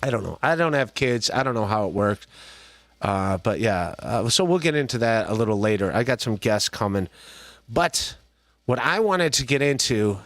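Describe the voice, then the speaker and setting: A man's voice: medium pitch, lively intonation, normal speed, no echo. Rambling, joking man hosting a podcast. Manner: rambling, joking, lots of restarts and laughs. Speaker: podcast host. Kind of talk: casual livestream commentary.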